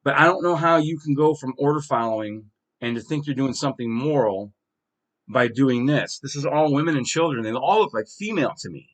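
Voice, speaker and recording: A man's voice: medium pitch, expressive, fairly quick. A man hosting his own podcast, delivering a heated, profane solo monologue with strong emphasis. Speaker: podcast host.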